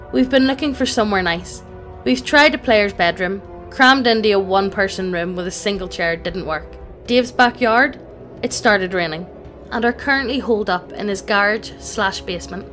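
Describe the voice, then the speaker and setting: A synthetic woman's voice reading out a tabletop gaming story as scripted narration, evenly and without fillers. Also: medium pitch. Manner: even text-to-speech reading without fillers. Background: faint background music.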